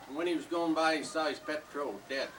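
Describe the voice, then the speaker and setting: A man telling a long joke at a family birthday party in a folksy, steady storytelling way. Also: fairly high pitch, brisk. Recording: distant home camcorder, noisy room.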